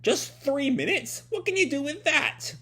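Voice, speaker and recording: A man's voice: very high-pitched, very animated, unhurried, sharp tone, voice pushed up, full character voice. A man voicing a mocking, scheming mad scientist while reading a comic aloud. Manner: mocking, goading.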